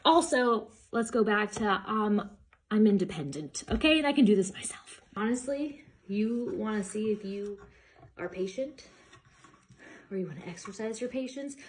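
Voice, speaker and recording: A young woman talks her way through building furniture at home, chatty and openly exasperated, tossing in the odd swear word. Her pitch sits in a middle range for a woman, and clear clicking and tool noises run behind her voice. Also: lively intonation, moderate pace, a little hiss or hum. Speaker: vlogger. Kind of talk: casual chat while assembling furniture.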